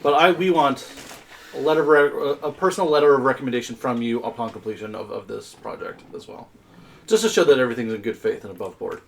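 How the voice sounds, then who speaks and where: A man's voice: mid-range voice, fast, gravelly, a little hiss or hum. A man playing a tabletop game, bargaining in character and joking around. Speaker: player. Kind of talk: casual game chat.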